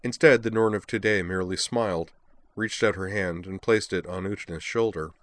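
A man narrating a story in an even, measured reading. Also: low voice, no echo. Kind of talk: audiobook narration of fan fiction.

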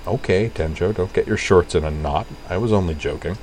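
A laid-back young man, played by the narrator, speaks in an easygoing, teasing way. The voice is low and relaxed. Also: brisk, slight background noise, close to an everyday voice.

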